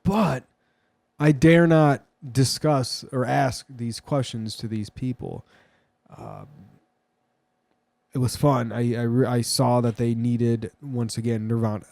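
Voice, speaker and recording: A man's voice: mid-range voice, vocal fry, no echo. A man rambling through a crude, joking, meandering casual monologue as a vlogger.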